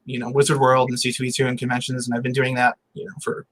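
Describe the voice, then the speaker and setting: A man's voice: medium pitch, completely flat delivery, quick pace, slight background noise. A man in his thirties, a guest author chatting casually with a loose, filler-heavy way of talking. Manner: laid-back, full of "like" and fillers. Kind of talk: casual chat.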